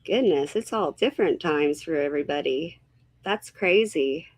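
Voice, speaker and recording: A woman's voice: low-pitched, expressive, moderate pace, no echo. A woman hosting a casual livestream, greeting viewers one by one and sounding a little unsure of herself. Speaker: livestream host.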